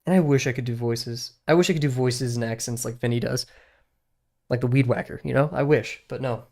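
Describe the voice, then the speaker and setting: A man's voice: mid-range voice, a little fast, gravelly, a little mellow. A young man in his twenties, a streamer talking in a casual, rambling way, often laughing at himself. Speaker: drawing streamer.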